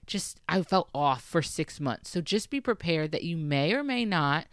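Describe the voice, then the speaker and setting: A woman's voice: sits low, animated, unhurried, no room sound, studio quality. A young woman giving chatty, casual advice as a mom vlogger, often checking in with "okay" and "right". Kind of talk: casual advice talk to camera.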